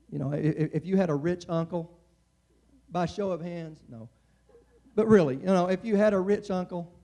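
Male preacher, middle-aged, high voice, dark tone, chatty sermon delivery with restarts. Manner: conversational, frequent restarts and stammers.

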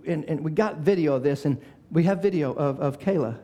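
An older man with a high voice delivers a sermon. He climbs into shouted, fervent appeals, then eases down into soft, conversational stories about his family. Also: fairly quick. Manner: preaching that swells to shouting, then drops into soft storytelling. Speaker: pastor. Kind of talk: sermon with storytelling.

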